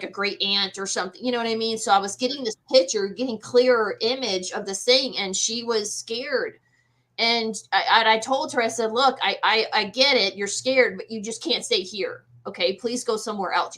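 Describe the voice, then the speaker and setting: A woman's voice: mid-range voice, poor audio. A middle-aged woman, a medium, casually telling a personal ghost story and acting out the voices in her quotes. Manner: animated, acts out voices in quotes. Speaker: guest medium.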